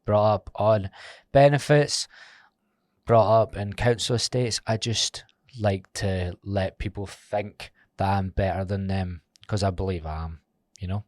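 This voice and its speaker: A man's voice: lowish voice, fairly even intonation, a little slow, a little mellow, no room sound, clean studio sound. A Scottish man in his twenties with a Glasgow accent, hosting a casual podcast chat, joking, teasing and swearing freely. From Scotland. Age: 20s. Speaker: podcast host.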